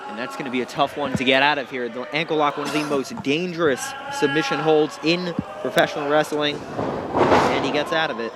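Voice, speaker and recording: A man doing color commentary for a live wrestling show, measured and explanatory. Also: a little high, fairly even intonation, very noisy.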